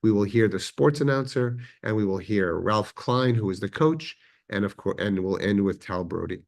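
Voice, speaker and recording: A man's voice: fairly low pitch, animated, moderate pace, vocal fry. A man teaching a history lecture to a class in a conversational way, with fillers and self-corrections. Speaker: adult education teacher. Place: synagogue classroom.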